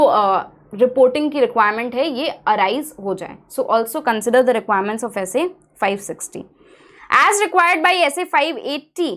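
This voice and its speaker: A young Indian woman with an Indian English accent giving an exam-prep audit lecture, switching between English and Hindi as she explains. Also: sits high. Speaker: audit teacher.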